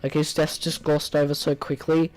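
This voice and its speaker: A man's voice: fairly high pitch, little pitch movement, normal speed, darkish tone, soft background music, rough recording. A man giving a casual spoken movie review, rambling and exasperated, packing his talk with filler words.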